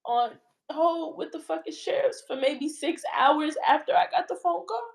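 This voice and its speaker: High-voiced woman retelling emotionally. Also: animated, normal speed, gravelly, poor audio. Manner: rambling, emotional retelling full of "like". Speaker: interview guest. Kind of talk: casual interview storytelling.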